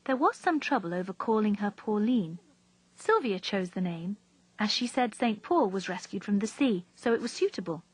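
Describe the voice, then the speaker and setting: A woman reading a story aloud in a steady, even narrating voice. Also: medium pitch, normal speed, slightly rough, dry recording, poor audio. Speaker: reader.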